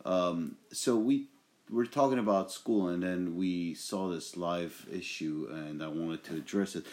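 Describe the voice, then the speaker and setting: A young man with a very deep voice hosts a homemade podcast. He rambles casually, stopping and restarting with plenty of fillers. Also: measured pace, a little mellow. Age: young adult. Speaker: podcast host.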